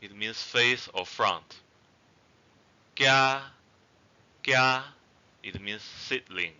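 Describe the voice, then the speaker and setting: A man slowly teaching words in a language lesson, saying each word twice before explaining what it means. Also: fairly low pitch, bright, forceful tone. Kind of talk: slow spoken language lesson. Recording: dull lo-fi recording.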